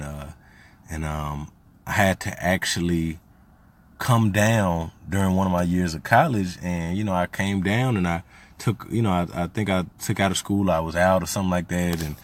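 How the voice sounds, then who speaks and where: A man in his thirties from Little Rock, Arkansas, hosting a podcast in a loose, conversational storytelling style that gets heated and emphatic. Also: sits low. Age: 30s. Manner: loose and conversational, turns heated and emphatic when recounting frustrations. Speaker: podcast host. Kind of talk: casual storytelling monologue.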